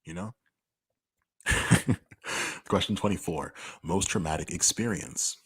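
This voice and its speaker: A young podcaster with a low-pitched, fairly bright, slightly rough voice works slowly through listener questions in a casual monologue. He answers personal questions candidly and profanely, loose and conversational, saying "like" constantly.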